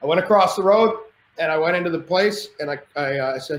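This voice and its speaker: A man's voice: a little high, fast talker. A man telling stories as a podcast guest in a casual, rambling way, restarting his sentences often. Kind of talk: casual storytelling. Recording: roomy with faint noise.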